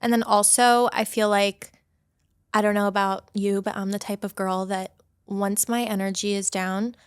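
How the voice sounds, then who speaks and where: A woman's voice: medium pitch, flat delivery, normal speed, clean tone, no echo. A young woman esthetician and studio owner giving upbeat advice in a casual podcast interview.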